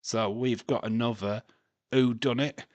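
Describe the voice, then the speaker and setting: A man talks through a wrestling match for his live stream audience in easy, slow-paced commentary. He laughs often and ribs his viewers. His voice sits at a middle pitch, and the sound is dry and close. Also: fairly even intonation, a little mellow, dry recording. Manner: chatty, laughs often, reads and teases chat. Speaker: livestream watch-along host.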